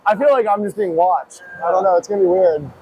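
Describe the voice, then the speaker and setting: A man's voice: sits high, fast, warm tone. A young man from Ohio, a college hockey player out of breath, chatting and joking in a rambling, self-mocking way through a body mic at an indoor rink. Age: young adult. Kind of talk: casual mic'd-up practice commentary. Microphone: wireless body mic worn while skating. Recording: noisy rink ambience.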